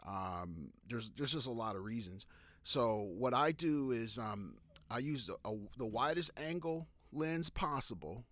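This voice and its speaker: A man with a mid-range, animated voice that's a bit bright shares photography tips on a live stream at a measured pace, in a dry recording. His talk is loose, full of fillers and restarts, and he stops to answer viewers' questions.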